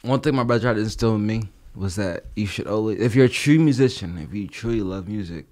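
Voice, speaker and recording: A man's voice: lowish voice, fast talker. A man with a New Jersey accent, a podcast guest chatting casually and animatedly. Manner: animated, slips into mocking impressions. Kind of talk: casual chat.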